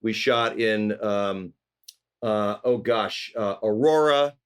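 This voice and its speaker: A middle-aged man from California, a guest actor telling lively anecdotes in an interview and acting out the people he quotes. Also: lowish voice, takes it slowly, smooth. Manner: animated anecdotes with voiced quotes. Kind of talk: storytelling interview.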